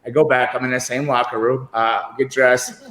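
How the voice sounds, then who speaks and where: A man's voice: medium pitch, little pitch movement, normal speed, a bit bright, roomy sound. A middle-aged man telling long, rambling stories as an interview guest on a computer video call, often laughing as he talks. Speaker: guest wrestler. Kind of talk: casual interview storytelling.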